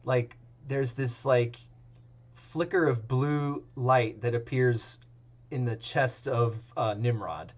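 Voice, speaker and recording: A man's voice: mid-range voice, slow pace. A man narrating as game master of a tabletop game, rambling with many fillers.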